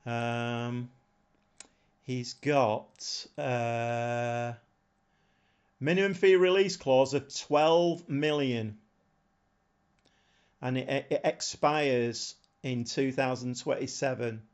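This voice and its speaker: A man's voice: mid-range voice, steady tone, very slow, long pauses, clear, resonant tone. A man chatting casually on a live stream, thinking aloud in a rambling way and chuckling often. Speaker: game streamer.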